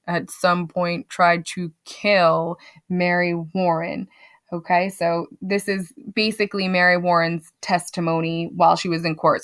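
A woman's voice: lowish voice, gravelly, fairly bright tone. A woman teacher casually summarizing a literary text for students in a conversational, chatty way. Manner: conversational, chatty, with fillers and asides. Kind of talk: casual spoken lesson summary.

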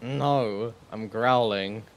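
A man visiting another streamer's stream, talking softly and making dry jokes. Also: fairly low pitch, drawn-out words, clean tone. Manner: soft-spoken, dry and joking. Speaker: guest streamer. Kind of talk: casual gaming stream chat.

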